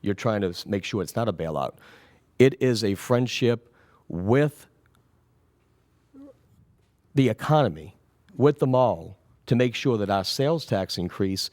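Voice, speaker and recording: A man who is recovering from an illness, answering questions at a city council meeting in a rambling, reassuring way that often trails off quietly. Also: lowish voice, animated, measured pace, pauses often, no room sound, studio quality. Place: council chamber.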